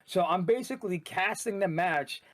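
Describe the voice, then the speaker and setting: Man, podcast guest, casual rambling chat, lots of fillers, slightly high voice. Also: moderate pace. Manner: loose, rambling, heavy use of "like". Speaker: esports shoutcaster and guest.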